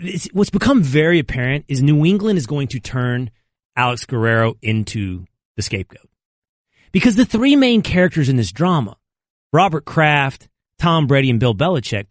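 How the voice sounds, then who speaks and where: A man hosting a sports talk radio show in a studio, ranting in mock outrage with loud exclamations. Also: medium pitch, no room sound. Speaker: radio host. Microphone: close studio mic.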